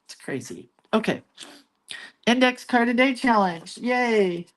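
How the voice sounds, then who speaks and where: A woman's voice: a little high, lively intonation, measured pace. A woman hosting a hand-lettering and doodling livestream, chatting casually and musing aloud as she draws and reads viewer comments. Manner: chatty, muses aloud while drawing and reading viewer comments. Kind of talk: casual craft livestream chat.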